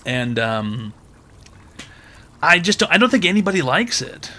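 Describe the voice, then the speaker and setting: A man with a bright, forceful voice rants comedically as the host of an advice show. He swears freely and sounds exasperated, and his voice jumps up into loud outbursts. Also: on the high side, big pitch swings, measured pace. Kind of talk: comedic rant.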